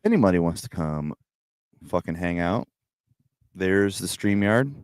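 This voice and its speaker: A man's voice: deep voice, expressive, moderate pace, clean tone, no room sound, clean studio sound. A young adult man hosting a casual livestream hangout, talking in a laid-back, profane way and laughing often. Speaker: livestream host.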